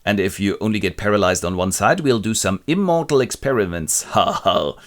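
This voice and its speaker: A man voicing a gleeful, mad male doctor with a manic, shrill delivery. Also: expressive, a little fast, natural voice.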